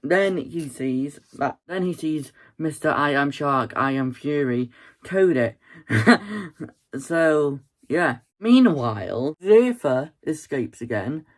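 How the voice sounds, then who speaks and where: A man's voice: a little high, expressive, slow. A man casually recapping a film plot in a rambling, chatty way, full of fillers and laughs. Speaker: movie reviewer.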